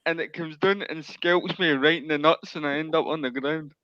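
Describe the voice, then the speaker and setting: A man's voice: a little high, fairly even intonation, normal speed, sharp tone, no room sound. A man, a guest on a football stream, telling anecdotes in casual chat. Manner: tells anecdotes. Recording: dull, dry lo-fi mic.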